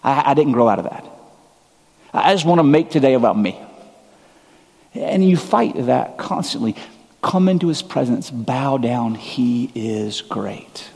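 Husky-voiced preacher in a reverberant hall. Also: male voice, mid-range voice, expressive, measured pace, a little mellow. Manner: conversational, earnest, self-deprecating. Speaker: pastor. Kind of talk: sermon.

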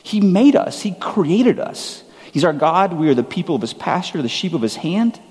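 Husky-voiced preacher in a reverberant hall. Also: male voice, on the high side, very animated, moderate pace, a little mellow. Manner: conversational, earnest, self-deprecating. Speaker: pastor. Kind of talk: sermon.

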